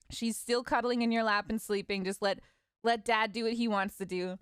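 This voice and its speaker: A young woman streamer casually telling stories about her parents, animated and laughing, acting out their lines. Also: fairly high pitch, brisk, smooth, dry recording, studio quality. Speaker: vtuber streamer. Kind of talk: casual storytelling.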